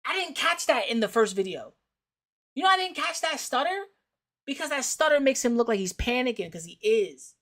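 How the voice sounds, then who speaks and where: Bright, heated New streamer woman. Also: sits high, big pitch swings, moderate pace. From The Bronx, New York. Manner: heated, profane, slangy, repeats phrases. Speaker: streamer host. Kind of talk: casual reaction commentary.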